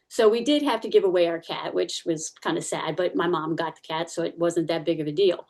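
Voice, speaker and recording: A woman's voice: lowish voice, a little fast, few pauses, darkish tone. Chatty woman telling her church testimony. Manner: chatty storyteller, frequent fillers and restarts. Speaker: church member giving a testimony. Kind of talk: conversational personal testimony.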